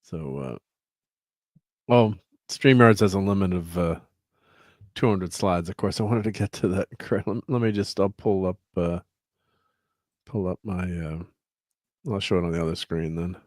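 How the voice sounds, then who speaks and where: A man's voice: low-pitched, unhurried, pauses often, a little mellow, no room sound, clean studio sound. A man hosting a casual livestream chat, rambling with lots of fillers and chuckles while he fiddles with his slides. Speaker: host.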